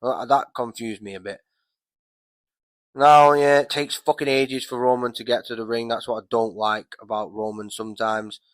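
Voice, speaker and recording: A man's voice: mid-range voice, steady tone, normal speed, no room sound. Profane man ranting about wrestling. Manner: profane, rambling, heated. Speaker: wrestling commentator vlogger. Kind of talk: casual ranting recap.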